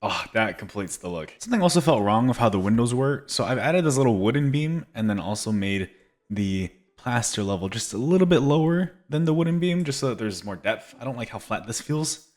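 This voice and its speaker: A man's voice: mid-range voice, animated, brisk, darkish tone. A man giving casual commentary while building in a video game, rambling playfully and laughing at himself. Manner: playful, giggly, self-mocking rambling. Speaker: gameplay video creator.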